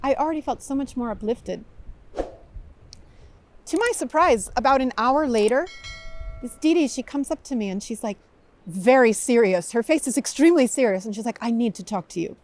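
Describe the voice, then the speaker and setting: A woman who is a spiritual teacher, telling a personal story in a reflective way and laughing softly now and then. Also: on the high side, lively intonation, normal speed, pauses often. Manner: reflective, with frequent soft laughs.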